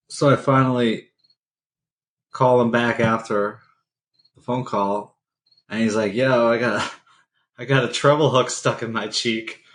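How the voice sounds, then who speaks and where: A man with an ordinary mid-range voice, co-hosting a casual podcast. He tells a story from his weekend in a relaxed, joking way and laughs at himself as he goes. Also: medium pitch. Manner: easygoing, joking, laughs at his own stories. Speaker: podcast co-host.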